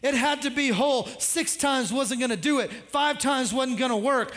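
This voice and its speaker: A man's voice: very high-pitched, normal speed, few pauses, fairly bright tone, in a large hall. A man pastor preaching a sermon in a conversational way, with joking asides.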